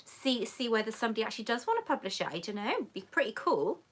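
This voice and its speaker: Racing along with big pitch swings, a fairly high British woman's voice, a bit bright with a breathy edge, hosts a live question-and-answer stream from home. She chats affectionately, greeting viewers as "love" and "sweetheart," picked up by a monopod-mounted camera mic.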